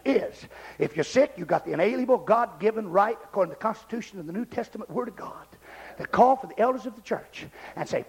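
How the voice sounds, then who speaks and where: Preacher guy hollering his sermon, high voice that leaps around a lot. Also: expressive, fast talker, gravelly, breathy edge. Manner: shouting preacher, swings from loud climaxes to low asides. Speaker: pastor. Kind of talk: revival sermon.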